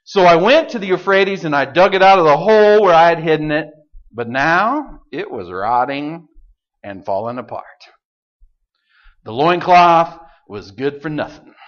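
A man's voice: a little high, animated, a little slow, fairly bright tone, dull audio. A male pastor preaching a sermon in a casual, joking storytelling manner.

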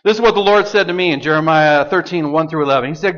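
A man's voice: a little high, lively intonation, fairly quick, a bit bright, highs cut off. A male pastor preaching a sermon in a casual, joking storytelling manner.

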